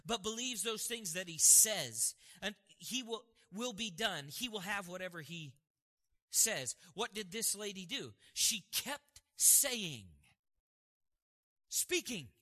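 A man's voice: high-pitched, animated, slow pace, bright, forceful tone. A man preaching a sermon as pastor, asking the congregation questions and answering them himself. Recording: hall reverb.

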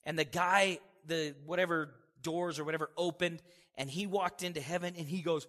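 Male pastor, lively chatty sermon delivery, bright tone, reverberant church hall. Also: fairly high pitch, moderate pace. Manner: animated, conversational preaching with frequent chuckles.

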